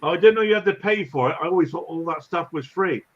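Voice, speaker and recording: A man hosting a casual livestream chat, chatty and quick to laugh as he greets viewers. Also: fairly high pitch, slightly rough. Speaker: livestream host. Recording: lo-fi dull audio.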